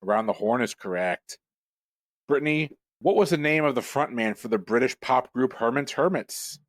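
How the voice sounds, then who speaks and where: A man in a mid-range voice runs a trivia quiz. He reads each question briskly and matter-of-factly, then jokes with the contestants, all on a dry recording with no room sound. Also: medium pitch, lively intonation, no echo. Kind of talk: reading quiz questions, casual banter.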